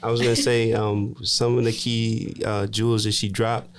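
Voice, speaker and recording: A man co-hosting a casual podcast, summing up his guest's points in a measured way with "um" pauses. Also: on the low side, little pitch movement, over a noisy crowd. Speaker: podcast co-host.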